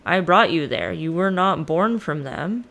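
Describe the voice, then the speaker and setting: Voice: medium pitch, expressive, measured pace, creaky, a bit bright. Narrator doing a blunt messenger guy, impatient, calls people bro. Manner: slangy, exasperated.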